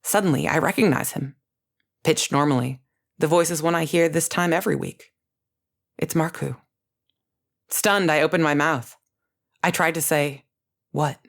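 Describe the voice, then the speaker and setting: A woman narrating a first-person story in a measured, scripted reading. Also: sits low, vocal fry.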